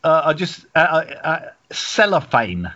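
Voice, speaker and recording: Bright playful man, lo-fi. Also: on the high side, sing-song, a little slow. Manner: playful, jokey, hums silly jingles. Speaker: podcast co-host. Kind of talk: casual chat.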